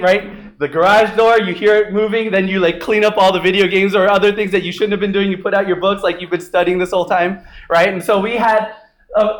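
High-voiced pastor, chatty and animated. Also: male voice. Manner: conversational, frequent "right?" asides; animated storytelling, acts out voices. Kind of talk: sermon with prayer and personal story.

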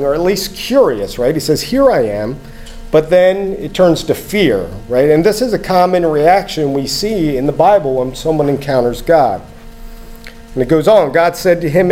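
A man's voice: fairly high pitch, darkish tone, low-quality recording. A man giving a conversational sermon, reading scripture aloud and explaining it, often checking in with the listeners. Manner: conversational, asks "right?" often, acts out inner thoughts. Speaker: preacher.

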